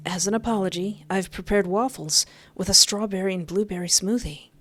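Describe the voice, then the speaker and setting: A woman voicing a soft-spoken, possessive young male kidnapper who talks slowly and gently over barely held-back anger. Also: medium pitch, faint music behind, lightly acted. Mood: tender. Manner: slow, gentle, hushed, barely controlled anger.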